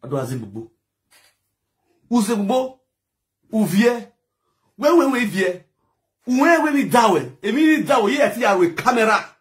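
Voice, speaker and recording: A man's voice: high-pitched, sing-song, moderate pace, pauses often. A man from Edo State with a Nigerian accent, delivering a heated, scolding online rant that switches between pidgin and a local language. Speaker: social media commentator.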